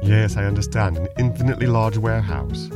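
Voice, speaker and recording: A man's voice: on the low side, expressive, fairly quick, over loud music. A man co-hosting a comedy podcast, answering in a dry, exasperated manner. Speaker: podcast co-host.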